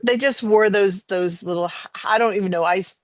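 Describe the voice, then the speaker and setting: A woman's voice: medium pitch, moderate pace, dry recording. A middle-aged woman hosting a podcast, telling a personal family story in conversation, emotional and rambling with many fillers and restarts. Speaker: podcast host.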